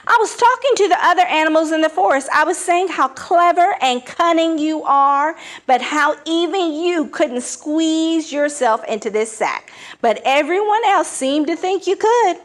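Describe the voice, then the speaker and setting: A woman's voice: a little high, big pitch swings, a little slow, a bit bright. Anansi, a woman doing a wheedling trickster spider. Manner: eager, wheedling and theatrical. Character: cunning boastful male spider trickster.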